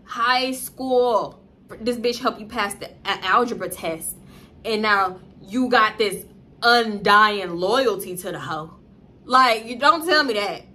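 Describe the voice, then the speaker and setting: A woman with a Southern US accent telling a casual storytime, slangy and profane, jumping in pitch as she acts out what others said. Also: slow. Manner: animated, acts out quoted dialogue with big pitch jumps; slangy, profane, addresses viewers as y'all. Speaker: storytime vlogger.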